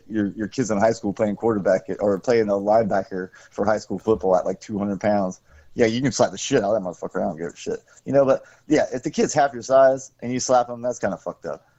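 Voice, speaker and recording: A man's voice: fairly low pitch, dark tone, dry recording. A man hosting a podcast in casual, rambling chat, swearing freely and breaking off his own sentences. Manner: profane, rambling, self-interrupting. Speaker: podcast host. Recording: dull dry lo-fi sound.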